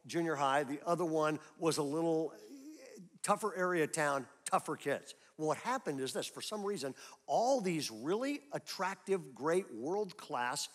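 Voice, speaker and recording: A middle-aged man preaching a sermon as pastor, telling a story and building to loud emphatic peaks. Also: fairly high pitch, expressive, a little slow. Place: church auditorium.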